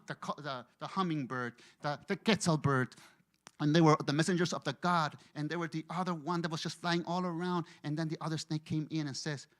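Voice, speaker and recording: Man telling a spiritual parable. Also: fairly high pitch. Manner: animated, swinging between hushed and excited. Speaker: guest spiritual speaker. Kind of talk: storytelling sermon.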